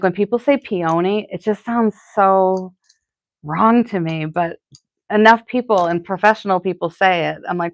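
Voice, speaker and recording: Hosting a live crafting stream, a middle-aged Boston-accented florist chats in a loose, rambling way with lots of fillers. Her voice is on the low side; the recording is dry with the high end cut off.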